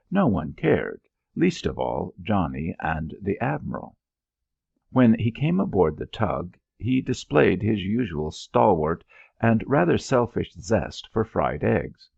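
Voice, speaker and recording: Deep, gravelly male audiobook narrator. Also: no echo, lo-fi sound. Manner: expressive storytelling. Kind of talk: scripted narration.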